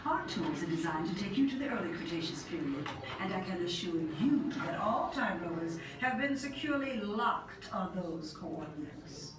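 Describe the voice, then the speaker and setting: An actress playing a precise, stern woman scientist who corrects others in a slow, firm way. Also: fairly low pitch, animated, natural voice. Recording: very echoey space from far off, ride noise.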